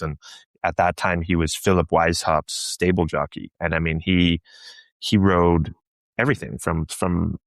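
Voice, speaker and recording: Podcast guest: Canadian man, very low voice, thoughtful and halting, dry close mic. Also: fairly bright tone, no room sound. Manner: reflective, many restarts and fillers. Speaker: show jumping guest. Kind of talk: casual podcast chat.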